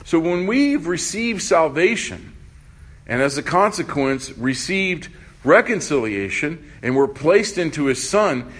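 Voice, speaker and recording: A male pastor with a slightly high, husky voice preaches a sermon without hurrying. Along the way he keeps posing questions to his congregation.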